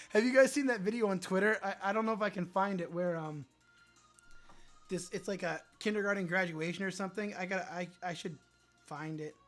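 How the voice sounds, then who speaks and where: A man's voice: fairly quick, fairly bright tone, soft background music. A man hosting a casual livestream, reading viewer comments aloud and reacting dryly. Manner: low-key, dry, reads comments aloud and reacts. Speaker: livestream host.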